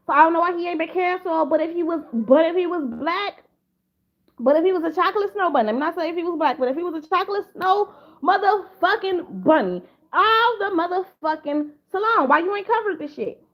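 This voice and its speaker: Woman vlogger, high voice, loose profane rambling commentary, dull lo-fi audio. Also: animated, brisk. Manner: profane, rambling, with lots of repeated restarts. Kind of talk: casual drama commentary.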